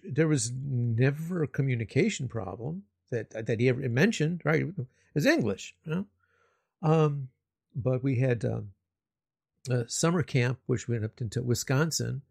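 A man's voice: mid-range voice, gravelly, darkish tone, slightly rough, dry recording. A man chatting casually, telling a rambling anecdote with restarts and chuckles. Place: living in Japan.

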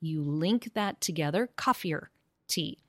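A woman explaining pronunciation teaching, acting out example phrases with rising and falling intonation, animated and laughing easily. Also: medium pitch, a little slow, no room sound, clean studio sound. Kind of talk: conversational discussion about teaching.

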